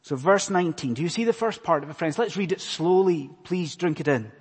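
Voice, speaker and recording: Scottish male preacher, earnest sermon delivery, slightly husky and higher voice, long hall echo. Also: brisk. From Scotland. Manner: earnest, questioning the congregation, swings between loud emphasis and hushed lines. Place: church in a large hall.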